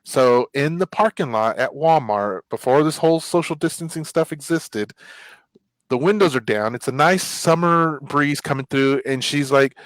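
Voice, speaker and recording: A man hosting a casual chat show, telling stories in an animated way. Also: a little high, normal speed, dry recording, rough recording. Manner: animated storyteller. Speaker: host.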